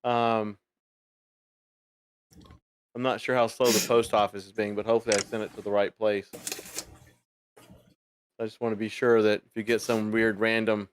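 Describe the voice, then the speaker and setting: A man co-hosting a casual podcast chat, joking and now and then slipping into goofy squeaky bits. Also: level tone, moderate pace, long pauses, a little hiss or hum. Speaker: podcast co-host.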